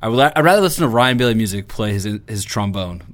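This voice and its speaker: A man's voice: medium pitch, lively intonation, very fast. A man co-hosting a casual football chat, crude and joking, often laughing as he talks. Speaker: podcast co-host.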